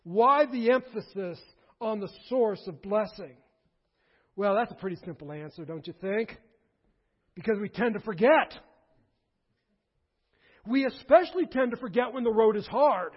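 A man preaches with a fairly high voice, pressing hard on repeated phrases as his force builds. The recording is muffled and lo-fi. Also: unhurried, pauses often, breathy edge. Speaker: pastor. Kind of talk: sermon.

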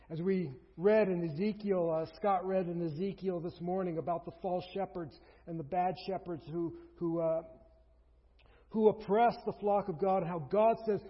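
Husky high-voiced man preaching in a hall. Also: normal speed. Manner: emphatic, builds through repeated phrases. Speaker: pastor. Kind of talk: sermon. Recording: dull sound with long hall reverb.

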